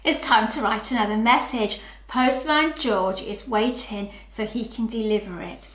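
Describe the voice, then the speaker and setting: A woman teaching young children phonics, sounding out letters clearly and asking them to join in. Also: a little high, fairly bright tone, reverberant, slight background noise. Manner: slow, sing-song, clearly sounds out letters. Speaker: early years phonics teacher.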